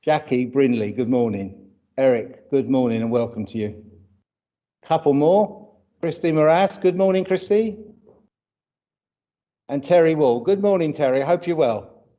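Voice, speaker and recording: Pausing often and speaking a little slowly, a British church service leader sounds animated in a dark, medium-pitched voice. He chats with livestream viewers and names them as he greets them, sniffling with hay fever and a runny nose. The audio is lo-fi and dull.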